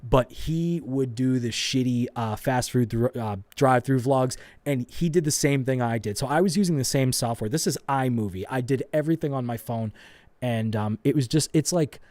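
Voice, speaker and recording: A man's voice: medium pitch, moderate pace, darkish tone, no echo. Male host, rambling profane reaction commentary, dry and close. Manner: profane, self-mocking, rambling.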